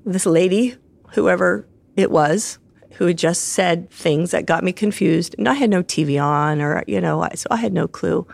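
A woman's voice: lowish voice, normal speed, vocal fry. A woman telling a personal story in an interview, vividly acting out the lines she quotes.

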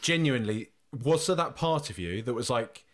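A man's voice: medium pitch, lively intonation, normal speed, fairly bright tone. A British man co-hosting a podcast, teasing his friend in casual banter. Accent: British English. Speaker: podcast co-host. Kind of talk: casual chat.

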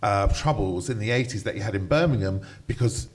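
With a fairly low voice and a slightly fast pace, this middle-aged broadcaster and DJ talks with passion as a guest in a conversational interview. When quoting others, he performs their voices.

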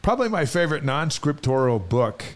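A man's voice: a little high, very animated, brisk. A man co-hosting a casual talk show, easygoing, laughing often, reading out facts about the date. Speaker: podcast co-host. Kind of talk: casual sports radio chat.

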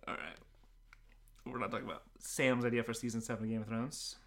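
A man's voice: medium pitch, steady tone, a little fast, fairly bright tone. A man co-hosting a podcast in casual banter, making wry, dry jokes and laughing often. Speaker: podcast co-host.

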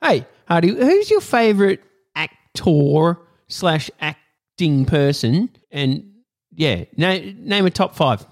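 A man's voice: on the high side, sing-song. A man co-hosting a podcast, bantering casually and teasing his co-host on a headset mic. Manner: teasing, playful, quick to laugh.

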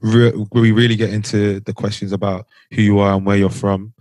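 A man's voice: on the low side, level tone, normal speed, darkish tone, no echo, low-quality recording. A man co-hosting a podcast, asking the guest questions in teasing, casual banter. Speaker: podcast co-host. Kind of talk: casual chat.

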